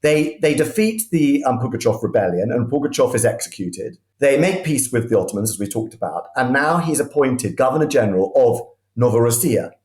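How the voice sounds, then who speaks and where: A man's voice: mid-range voice, expressive, fairly quick, hardly any pauses, darkish tone, echoey room. A man speaking as a guest historian, telling history as vivid anecdotes and often restarting his sentences mid-thought. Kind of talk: conversational history storytelling.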